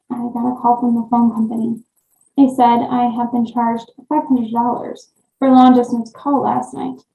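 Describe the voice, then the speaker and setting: A woman narrating creepy first-person stories in a steady storytelling read. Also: fairly high pitch. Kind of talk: reading creepy stories aloud. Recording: echoey dull lo-fi room.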